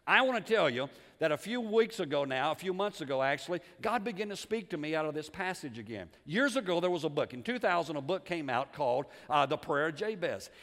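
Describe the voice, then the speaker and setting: Folksy pastor in a big echoing hall. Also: male voice, sits high. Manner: folksy, animated, swings from loud emphasis to quiet asides; repeats words and restarts phrases. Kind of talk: sermon. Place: church sanctuary.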